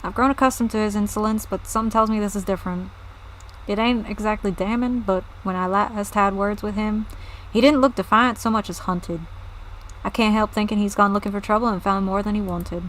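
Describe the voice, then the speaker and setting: A woman voicing a gruff, stern male farm boss in a put-on Southern US accent as she reads game dialogue aloud. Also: medium pitch, fairly even intonation, brisk, a bit bright, slight background noise, lightly acted, rough recording. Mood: grave.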